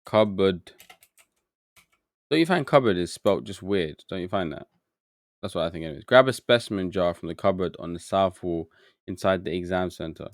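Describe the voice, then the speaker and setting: A man's voice: deep voice, lively intonation, normal speed, no echo, clean studio sound. A man streaming a game live, muttering to himself as he gets confused and chatting with his viewers. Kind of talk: live gameplay commentary.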